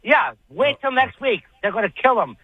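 A man's voice: very high voice, sing-song, moderate pace, breathy edge, narrow, tinny audio. A man calling in to a radio show, needling another caller with mocking questions. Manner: needling, teasing. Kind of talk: radio call-in banter.

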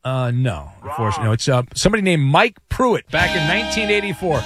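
A man hosting a sports talk radio show, excitable and quick to break into shouted chants. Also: fairly high pitch, soft background music.

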